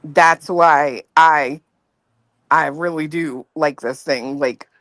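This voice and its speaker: Lowish woman talking casual, dry close sound, kinda animated. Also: slow pace, no room sound. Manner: animated, swears, talks in quoted asides. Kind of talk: casual chat.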